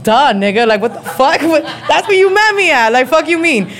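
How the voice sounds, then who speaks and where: Hosting a live podcast, a thirtysomething woman speaks at a normal speed in a high, fairly bright voice that swings widely in pitch. Her casual chat is blunt and profane, and she laughs a lot.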